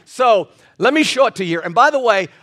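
A man with a high voice preaches a lively sermon. He talks to his church in a folksy, joking way, stumbles into restarts, and now and then bursts into loud emphasis. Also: brisk. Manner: energetic and animated, with frequent stammered restarts and bursts of loud emphasis; folksy and humorous with the congregation. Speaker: pastor. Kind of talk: sermon with personal stories. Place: church service.

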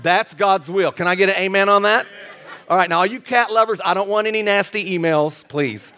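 A man's voice: sits high, a little fast, sharp tone. An older man preaching a sermon in a folksy, joking way, often restarting his sentences. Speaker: pastor.

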